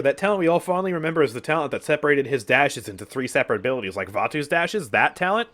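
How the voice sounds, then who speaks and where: A man's voice: medium pitch, expressive, fast talker, few pauses, fairly bright tone. A young man giving casual gameplay commentary on a game update, sarcastic and exasperated, often sighing and laughing. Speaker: gaming YouTuber.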